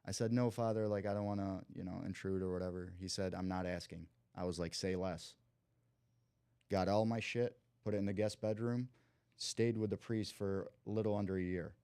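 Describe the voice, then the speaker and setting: A young man from Cleveland, appearing as a podcast guest, tells a long story at a moderate pace in a fairly low, smooth voice, recorded dry. He's a lively storyteller who uses loose slang, says "like" often, and acts out the lines of the people involved.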